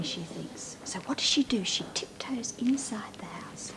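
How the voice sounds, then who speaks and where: Animated Australian woman telling a story to kids. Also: mid-range voice, a little slow, hardly any pauses, in a whisper. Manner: animated, questioning, coaxing. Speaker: children's TV presenter. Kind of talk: storytelling to young children. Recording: hissy old 1980s TV tape.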